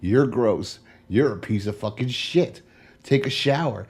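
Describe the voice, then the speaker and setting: Furious young wife, done by a man, scornful, insulting, slightly raised pitch. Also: lively intonation, measured pace, darkish tone, husky. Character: furious young woman leaving her slob husband.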